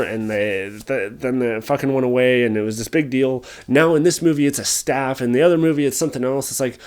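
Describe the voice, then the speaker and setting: A young man giving a casual spoken movie review, exasperated, rambling, and swearing often. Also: medium pitch. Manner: animated, rambling with restarts.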